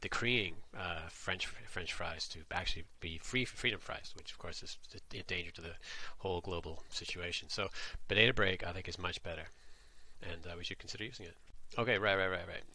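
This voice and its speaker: A man's voice: deep voice, fairly quick, sharp tone. A man from Atlantic Canada delivering a tongue-in-cheek satirical monologue, rambling and musing as he goes. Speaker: vlogger.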